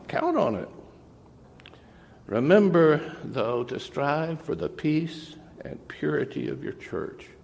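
Gravelly-voiced interim pastor, mid pitch, earnest and measured sermon, long church reverb. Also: male voice, darkish tone. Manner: earnest, measured preaching with pauses. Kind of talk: farewell sermon. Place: church sanctuary.

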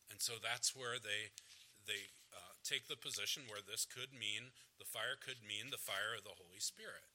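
A man's voice: on the low side, normal speed, bright, forceful tone, rough recording. A man preaching a sermon, reading scripture and stressing key words with emphatic repetition. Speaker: pastor.

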